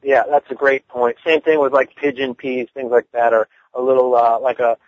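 A man's voice: mid-range voice, little pitch movement, moderate pace, a little hiss or hum. A man chatting casually about cooking, rambling with lots of fillers. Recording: dull lo-fi dry sound.

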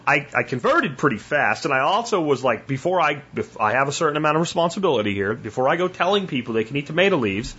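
Guy hosting his podcast from home, raspy-ish voice, rambles and restarts a lot, kinda dull lo-fi sound. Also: a little high, sing-song, quick pace, few pauses, bright, forceful tone. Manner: rambling storytelling with frequent restarts and mild swearing. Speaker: podcast host. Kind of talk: casual solo monologue. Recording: slightly muffled, lo-fi podcast audio.

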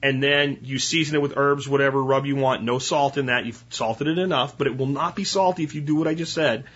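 Male podcast host, husky, mid-pitched, casual how-to talk, muffled lo-fi sound. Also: steady tone, fairly quick, a bit bright. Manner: chatty, instructional, with frequent "right?" asides.

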